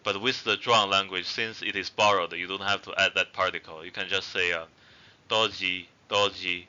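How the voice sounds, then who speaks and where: A man with a lowish, very bright and smooth voice teaches a language lesson at an unhurried pace. He explains patiently with fillers and says each example word twice for learners. The recording sounds dull and lo-fi. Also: fairly even intonation.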